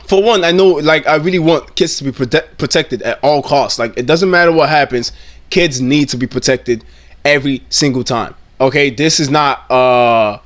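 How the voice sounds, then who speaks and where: A man's voice: a little high, fairly bright tone. A man giving blunt, indignant reaction commentary, swearing freely and often repeating himself mid-sentence. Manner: repeats and restarts phrases often.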